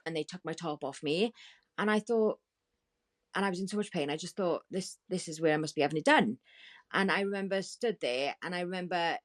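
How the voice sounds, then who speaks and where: Low-voiced woman recounting an ordeal. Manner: halting, distressed retelling with many restarts. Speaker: podcast guest. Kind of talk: emotional storytelling.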